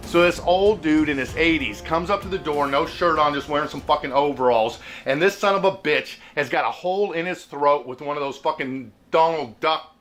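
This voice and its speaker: A man's voice: on the high side, a little fast, bright, forceful tone. A man from Seattle telling a story casually, laid-back and cussing a lot, chuckling as he goes. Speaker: host.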